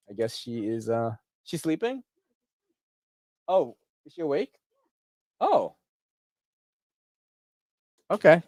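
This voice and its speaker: A man's voice: on the high side, dry recording, studio quality. A man vlogging about knives in a rambling casual chat, full of slang and frequent swearing. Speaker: knife vlogger.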